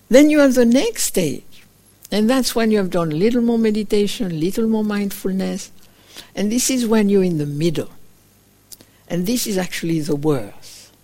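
A woman meditation teacher giving a dharma talk, telling a story gently and reflectively, often acting out her own inner voice in short quoted asides. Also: medium pitch. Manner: gentle, reflective, with frequent fillers like "kind of". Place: meditation retreat center.

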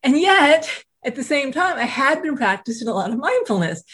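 A woman who writes and teaches self-compassion, telling a personal story in a casual interview, animated and full of "you know" asides. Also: high-pitched, moderate pace. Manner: animated, acts out quoted voices, frequent "you know" asides.

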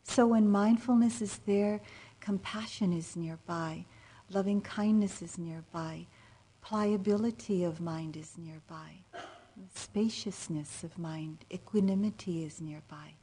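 A woman meditation teacher giving a dharma talk in a low, warm voice. Her tone is breathy and soft-spoken, sometimes sinking almost to a whisper. She is gentle and unhurried, and her speech is full of small fillers. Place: meditation retreat center.

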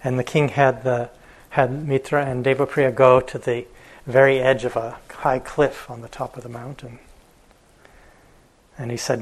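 A male meditation teacher telling a story in a dharma talk, relaxed, with fillers and chuckles. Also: medium pitch, measured pace, pauses often, low-quality recording.

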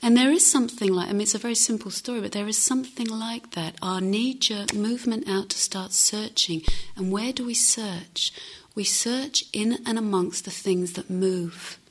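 A middle-aged woman meditation teacher giving a gentle, reflective dharma talk with unhurried pauses. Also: mid-range voice.

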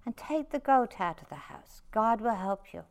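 A woman reading a story aloud and voicing a calm, wise old rabbi who speaks gently and gravely. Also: mid-range voice, moderate pace. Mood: serene. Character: wise, calm elderly rabbi giving advice.

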